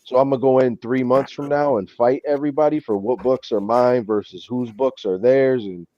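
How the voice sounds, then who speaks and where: Animated New York man telling a story. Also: mid-range voice, normal speed. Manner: animated storytelling, acts out quoted people. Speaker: co-host. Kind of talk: casual chat. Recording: dull lo-fi sound.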